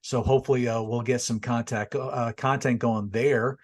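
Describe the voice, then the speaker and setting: A man's voice: mid-range voice, fairly even intonation, moderate pace. A man with a mid-range, ordinary voice hosts a casual review chat. He rambles in a laid-back way, often restarting his sentences as he wraps up the show. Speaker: show host.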